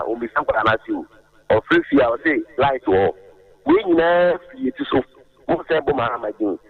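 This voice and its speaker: A man's voice: mid-range voice, gravelly, breathy edge, no room sound. A man calling into a radio show, giving an emphatic, repetitive political rant that turns sing-song at times. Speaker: radio phone-in caller. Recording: thin phone line.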